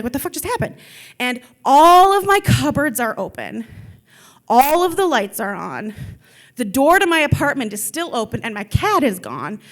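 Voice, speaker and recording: A young woman telling a personal story at a live event in a chatty way, full of filler words. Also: high-pitched. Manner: chatty, lots of filler likes.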